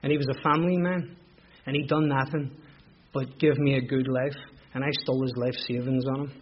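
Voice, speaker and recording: A man's voice: medium pitch, level tone, fairly quick, slight background noise. A middle-aged man with a Belfast accent, candidly telling his own recovery story as personal testimony, with emotional repetitions. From Northern Ireland. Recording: dull lo-fi recording.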